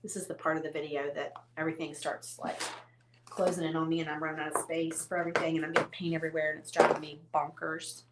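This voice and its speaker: A woman's voice: low-pitched, little pitch movement, fast, heavy background noise. A woman hosting a casual painting tutorial, chatty and self-teasing as she talks straight to her viewers while she works at a crafting table.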